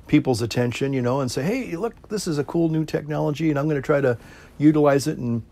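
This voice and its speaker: Rambling, chuckling priest puffing on a pipe. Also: male voice, a little high, fast. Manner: relaxed, rambling, chuckling, with fillers and puffs on a pipe. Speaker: priest and pipe-smoking video host. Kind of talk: casual talk to camera.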